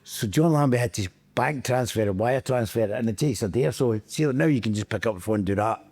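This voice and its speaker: A man's voice: medium pitch, a little fast, a little mellow. A middle-aged man with a Scottish accent, a podcast guest telling football anecdotes in casual chat, acting out quotes and laughing often.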